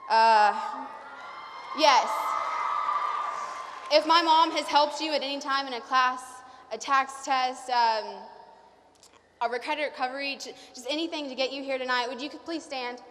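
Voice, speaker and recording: A young woman giving a graduation speech as salutatorian, nervous and fast, with many fillers. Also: sits high, very noisy. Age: young adult. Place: large hall. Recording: reverberant hall.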